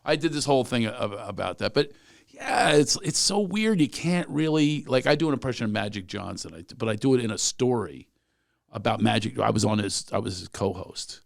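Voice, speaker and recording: A man hosting a comedy podcast in a loose, joking chat. His pitch swings widely as he jumps into impressions and punchlines. The sound is dry and close-miked, with no room echo. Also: a little fast, gravelly. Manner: animated, joking, breaks into impressions. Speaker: podcast host. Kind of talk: casual comedic interview chat.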